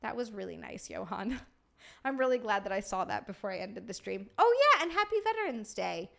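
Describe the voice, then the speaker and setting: A woman hosting a livestream, rambling warmly through thank-yous, tired from lack of sleep. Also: mid-range voice, very animated, moderate pace, creaky. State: sleep-deprived. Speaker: livestream host. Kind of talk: casual stream sign-off chat.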